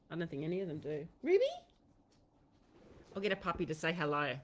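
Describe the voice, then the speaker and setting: A woman's voice: deep voice, fairly quick. An Australian woman hosting a live online Q&A, talking casually and rambling, with many fillers and restarts. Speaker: host of a horse-training Q&A livestream. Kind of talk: casual livestream chat.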